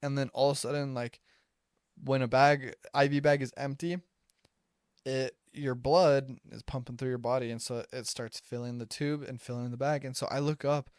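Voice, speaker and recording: A man's voice: medium pitch, steady tone, moderate pace, a little mellow, clean tone, no echo, clean studio sound. A young American man casually telling stories on a podcast, chatty and full of "like.". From United States. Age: young adult. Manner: chatty, filler-heavy, says "like" often. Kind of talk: casual storytelling. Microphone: close podcast microphone.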